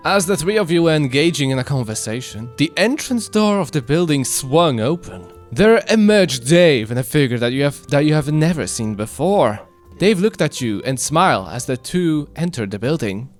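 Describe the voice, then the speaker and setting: A man's voice: on the high side, lively intonation, moderate pace, soft background music. A man reading the narration of a visual novel aloud with friends, with plain narration and laughing asides. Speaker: narrator reader.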